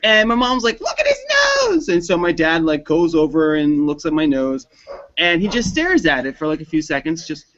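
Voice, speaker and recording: Animated high-voiced male host. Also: moderate pace. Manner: animated storyteller with loud impressions of parents. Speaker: panel host. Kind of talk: casual chat. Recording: dull lo-fi stream audio.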